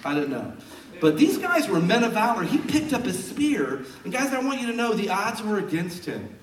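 A man preaching a sermon as a pastor, an animated storyteller who jokes as he talks, recorded in a church sanctuary. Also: sits high, a little fast, slight background noise. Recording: roomy and distant from the mic.

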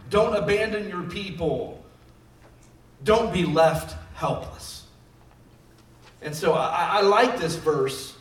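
A man's voice: on the high side, slow, pauses often, distant mic. A man preaching a sermon in a conversational style, building up emphasis on key phrases. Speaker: pastor. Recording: echoey room, voice from off mic.

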